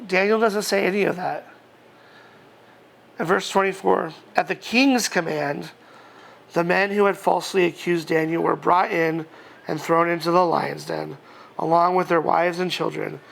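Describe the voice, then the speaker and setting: Male pastor, high and gravelly voice, easygoing conversational preaching with scripture reading. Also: normal speed. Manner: relaxed, chatty, frequent fillers and chuckles.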